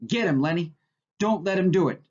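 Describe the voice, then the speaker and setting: A man reading aloud, voicing a panicked male ranch worker who shouts urgently at his friend. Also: fairly high pitch, a little slow, dull audio, pitched above the performer's own voice. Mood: frantic.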